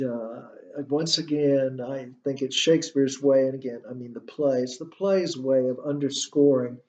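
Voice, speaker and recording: A man giving a recorded literature lecture, halting, with frequent fillers and restarts. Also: medium pitch, darkish tone. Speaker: literature instructor. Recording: echoey room, dull lo-fi sound.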